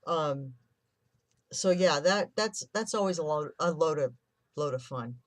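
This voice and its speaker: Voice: mid-range voice, expressive, measured pace, no echo. A person in their fifties telling a painful childhood story candidly and emotionally, swearing now and then. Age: 50s. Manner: candid and emotional, swears, acts out remembered quotes. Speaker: vlogger sharing a personal story.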